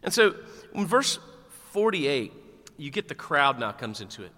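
A man preaching a sermon in a church, animated and conversational with bits of humor. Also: a little high, normal speed, in a large hall. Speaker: pastor.

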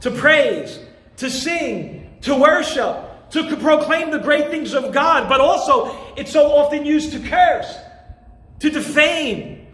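Man preaching, very high voice, impassioned and emphatic, echoey room. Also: lively intonation, slow. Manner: impassioned, emphatic, rising to shouts. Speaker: pastor. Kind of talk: sermon.

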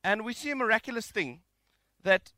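A man with a high, bright voice preaches a relaxed, jokey sermon, reading scripture aloud between asides. The sound is dry and close, with no room around it. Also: moderate pace, dry recording. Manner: conversational, jokey and animated. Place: home, during isolation.

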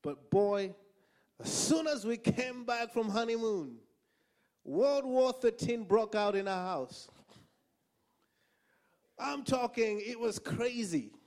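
A man's voice: very high voice, takes it slowly, long pauses. A man from Africa preaching a sermon, telling funny stories and repeating lines for emphasis. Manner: animated, humorous storytelling with emphatic repetition.

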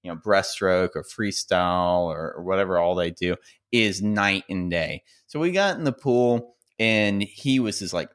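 Rambling man telling a story. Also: measured pace. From rural America. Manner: rambling, animated, acts out quotes in a high yell. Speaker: podcast co-host. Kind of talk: casual storytelling chat.

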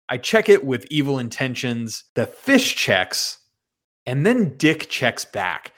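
A man walks through his poker hands one by one in a relaxed, conversational recap. His voice sits at an ordinary middle pitch. He swears freely and pokes fun at himself as he goes. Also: slow pace. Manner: chatty, profane and self-mocking. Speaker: poker player. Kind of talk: casual poker hand recap.

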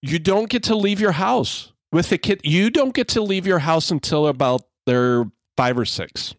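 A man's voice: on the high side, expressive, normal speed, dry recording, studio quality. A man co-hosting a podcast in casual chat, telling stories and agreeing, while he has the hiccups. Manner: chatty, agreeing, storytelling. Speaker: podcast co-host.

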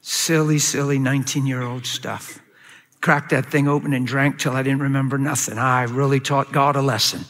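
Bright-voiced man preaching in an echoing hall. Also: moderate pace. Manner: animated storytelling, swinging from loud shouts to low quiet asides. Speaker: pastor. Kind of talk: sermon. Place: large hall before a live audience. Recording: long echoing hall reverb.

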